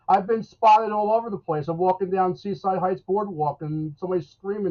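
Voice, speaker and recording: A man's voice: high voice, fairly even intonation, fairly quick, few pauses. A man, a local weather forecaster talking casually in a live interview, rambling and folksy with lots of fillers and restarts. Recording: tinny phone-like line.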